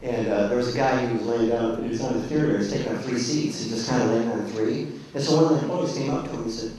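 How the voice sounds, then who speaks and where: A man's voice: medium pitch, fairly even intonation, fast, few pauses, a crowd in the background. A man giving a keynote speech, telling stories in a folksy, casual way. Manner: folksy storytelling. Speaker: keynote speaker. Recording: echoey hall, distant mic.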